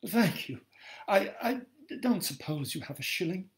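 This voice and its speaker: A man reading a story aloud, voicing a distraught ghostly woman who shouts frantically that her home and belongings are gone. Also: high voice, animated, unhurried, pitched above the performer's own voice. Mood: flustered.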